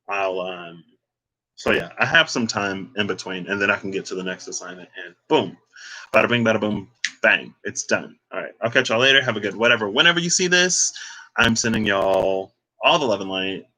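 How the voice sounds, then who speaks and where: A man's voice: on the low side, bright, forceful tone, low-quality recording. A man doing a casual livestreamed tarot card reading, talking in a loose, chatty way with sassy asides.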